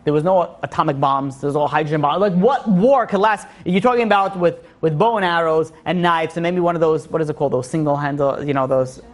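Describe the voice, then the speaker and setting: Fast-talking man teaching a Torah class. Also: on the high side. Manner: rambling, many restarts and fillers. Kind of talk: Torah lecture.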